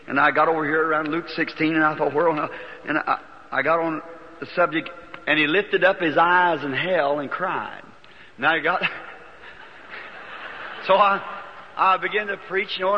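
A man preaching in a folksy, animated storytelling manner, with a Southern Indiana accent. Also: fairly high pitch, normal speed, a little hiss or hum. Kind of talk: sermon storytelling. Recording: old lo-fi recording in a reverberant hall.

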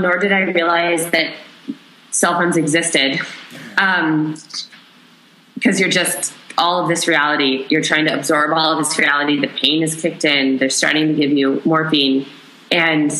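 A young adult woman, an interview guest, recounting a personal story in an emotional, halting way with many pauses. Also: deep voice, fairly even intonation, bright, forceful tone, slight background noise. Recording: roomy echo.

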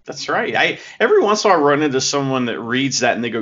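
A man co-hosting a podcast, wry and animated, swearing casually. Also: medium pitch, rapid-fire, hardly any pauses, lo-fi sound. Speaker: podcast co-host.

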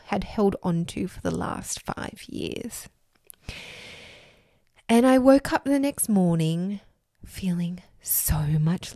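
A woman in her thirties telling a personal story in an earnest, reflective way, laughing softly between thoughts. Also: mid-range voice, dry recording, studio quality. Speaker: podcast host.

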